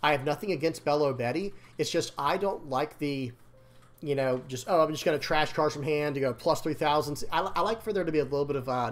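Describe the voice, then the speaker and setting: Male card game creator, casual rambling commentary, dry strained throat, mid-pitched. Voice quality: slightly strained voice. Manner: rambling, repeats words, addresses viewers as guys. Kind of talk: casual commentary over screen.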